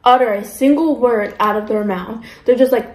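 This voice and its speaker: Young woman rambling away while she eats, animated, voice a bit high, roomy echo. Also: normal speed, slight background noise. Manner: chatty, animated storytelling with mimicked voices. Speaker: mukbang vlogger. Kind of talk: casual chat while eating. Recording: echoey room.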